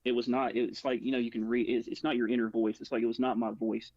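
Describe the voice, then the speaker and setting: A man's voice: medium pitch, flat delivery, fast, no echo, highs cut off. A man talking as a guest, telling a personal story in a rambling way, full of "like" and restarts. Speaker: guest recounting a personal experience. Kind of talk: casual spoken storytelling.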